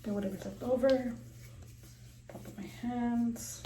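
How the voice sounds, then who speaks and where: A woman's voice: on the high side, steady tone, measured pace, mellow, a little hiss or hum. Rambling young woman in echoey bathroom. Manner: rambling, many ums and likes. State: out of breath. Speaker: beauty vlogger. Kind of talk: casual skincare vlog. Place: small bathroom.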